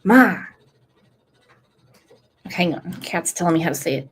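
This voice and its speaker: A woman's voice: on the low side, lively intonation, husky. A woman hosting a true-crime livestream, chatting casually and joking with her viewers. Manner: playful, joking, drawn-out. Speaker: true-crime channel host.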